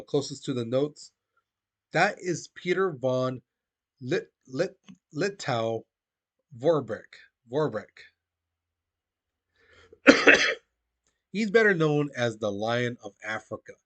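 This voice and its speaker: A man's voice: mid-range voice, a bit bright. A male history teacher giving a casual, conversational classroom lecture, talking to his students as "guys". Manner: conversational, addresses listeners as "guys", frequent restarts.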